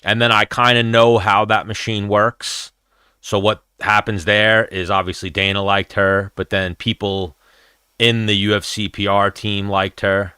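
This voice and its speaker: Blunt, bright-toned man hosting a chat. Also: fairly low pitch, flat delivery, a little slow, smooth, no echo, clean studio sound. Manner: blunt, profane, rambling. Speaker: podcast host. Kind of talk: casual livestream chat while watching fights.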